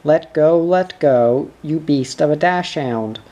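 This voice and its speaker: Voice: mid-range voice, slow pace, a little mellow, muffled recording. A storyteller voicing a fat, bullying man who scolds and bellows, then stammers when caught. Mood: furious.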